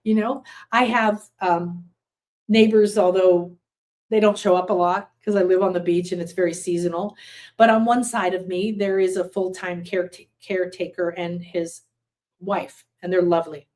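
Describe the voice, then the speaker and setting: A woman's voice: on the low side, fairly even intonation, moderate pace, a little mellow. Woman, spiritual teacher, live online class, casual rambling storytelling, answers viewer comments. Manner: chatty, rambling storyteller with frequent fillers and restarts. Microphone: computer setup with screen sharing.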